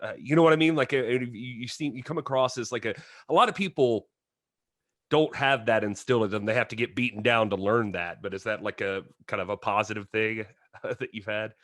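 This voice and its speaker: A man's voice: fairly low pitch, fairly quick, a bit bright, no echo, clean studio sound. A man hosting a podcast, asking rambling, hesitant questions with lots of fillers. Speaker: podcast host. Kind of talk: casual interview chat.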